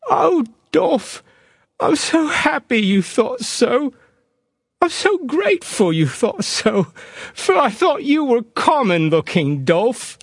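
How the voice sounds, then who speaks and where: A man voicing a tender, tearful wife in a read-aloud story, in a high, heartfelt voice. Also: sing-song, breathy edge, dry recording, studio quality, exaggerated voice. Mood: tearful joy. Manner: high, gushing, slow and heartfelt. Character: Missus Tetterby, tender tearful wife, woman.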